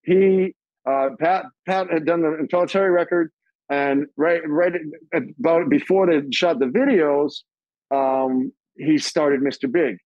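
Animated, profane middle-aged man telling stories. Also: a little slow, no room sound, highs cut off. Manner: animated, profane, acts out quoted voices in a higher pitch. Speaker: interview guest, drummer. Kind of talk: casual storytelling interview.

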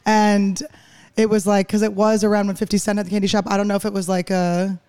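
A young woman from Philadelphia, a stand-up comedian, telling joking stories in a quick, laughing, casual podcast chat. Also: medium pitch, flat delivery, darkish tone, clean tone. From Philadelphia, USA. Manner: rapid, joking storytelling with frequent laughs.

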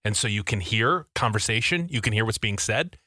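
A man co-hosting, chatting in a relaxed, matter-of-fact way. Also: lowish voice, fairly quick, no echo, clean studio sound. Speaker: show co-host. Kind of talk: casual chat.

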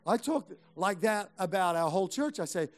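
This middle-aged pastor speaks at a normal speed in a high voice with lively intonation. His sermon is emphatic, rousing the congregation through rhetorical questions and repetition.

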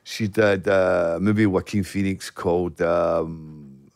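A middle-aged Glaswegian Scottish man, a guest actor telling stories in casual podcast chat, profane and animated. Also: low-pitched, measured pace, creaky, no room sound, clean studio sound. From Scotland.

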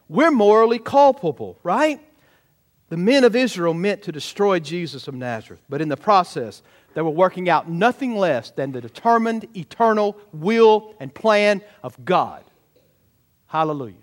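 High-voiced pastor preaching. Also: male voice. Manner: emphatic preaching, rhetorical tag questions, rising to loud peaks. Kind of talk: sermon. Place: church sanctuary.

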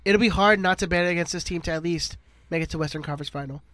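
A man's voice: on the high side, rapid-fire, bright, forceful tone, dry recording. A man co-hosting a sports podcast, joking and swearing freely in casual chat. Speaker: podcast co-host.

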